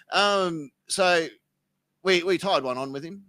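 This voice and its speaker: A man with an Australian accent, a podcast guest who swears freely while telling deadpan tall tales in casual chat. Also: high voice, slow pace, no echo. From South Melbourne, Australia. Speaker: interview guest.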